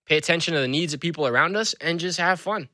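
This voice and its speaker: A man's voice: fairly high pitch, fast talker, no room sound, clean studio sound. A man who is an author and school speaker, telling stories animatedly as an interview guest. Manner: animated storyteller. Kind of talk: conversational interview.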